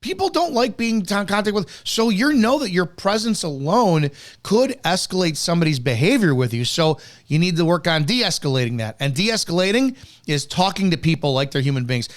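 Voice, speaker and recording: A man with a somewhat high-pitched voice gives heated, profane commentary on police footage. He talks bluntly and cuts in sharply. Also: sing-song, moderate pace, fairly bright tone. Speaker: host reviewing police footage.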